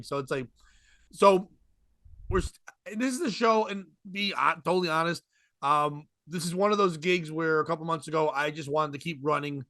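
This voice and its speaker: A man's voice: a little high, no room sound, clean studio sound. A man telling a long rambling comedy story in casual podcast chat. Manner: rambling, animated, quick asides and laughs.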